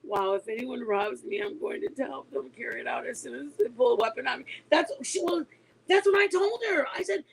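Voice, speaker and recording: A woman in her forties, a mother, telling a story to her online viewers in a casual, animated way. She is emphatic and laughs often as she talks. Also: sits high, a little fast, vocal fry, slight background noise, poor audio. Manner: animated and emphatic, insisting she is not lying.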